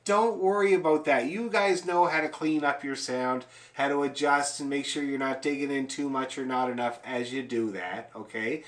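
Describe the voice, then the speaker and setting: A man's voice: mid-range voice, fairly even intonation, moderate pace, few pauses. A man teaching an online fiddle lesson over a video call, encouraging and chatty, explaining and demonstrating as he talks.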